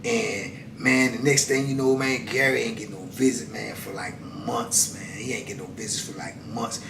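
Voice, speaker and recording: Animated storytelling man in an echoey room. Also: medium pitch, vocal fry, distant mic. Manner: animated, drawn-out storytelling with frequent "man" and "you know". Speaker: channel host telling prison stories. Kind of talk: casual storytelling. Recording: echoey room, voice away from the mic, faint background noise.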